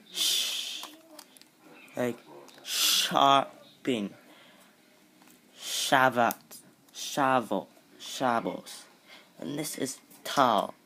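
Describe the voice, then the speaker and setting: Slow-talking man teaching letters casually. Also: mid-range voice, fairly bright tone. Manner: unhurried, self-correcting, with jokey asides. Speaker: amateur teacher. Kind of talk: casual informal lesson.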